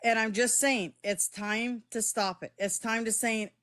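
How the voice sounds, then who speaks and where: A woman's voice: fairly high pitch, steady tone, measured pace, a bit bright. Heated middle-aged woman live streamer. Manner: heated, defensive, swears, talks straight to chat. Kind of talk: live-stream chat with viewers.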